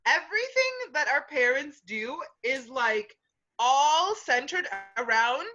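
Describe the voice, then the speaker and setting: Lively high-voiced woman chatting. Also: dull audio. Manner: animated, laughing, many "like"s. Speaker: podcast guest. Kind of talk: casual chat.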